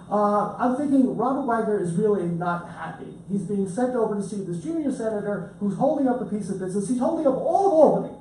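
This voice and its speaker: In a lecture room with an audience, a man talks informally about his book, telling stories, cracking jokes, chatting and restarting often. His voice is high-pitched and mellow. The recording is roomy, from a distant mic, with faint ambience and a little hiss or hum.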